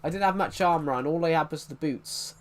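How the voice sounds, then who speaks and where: A British man in his twenties streams a game and chats casually with viewers, rambling as he answers their comments. His voice is fairly high and a little fast.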